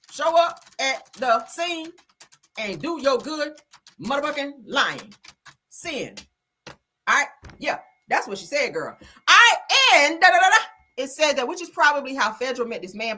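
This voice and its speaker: Woman running a gossip stream, bright voice, all over the place pitchwise, sassy and swearing. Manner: sassy, animated, acts out quotes in voices; swears freely, chatty slang. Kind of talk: casual commentary.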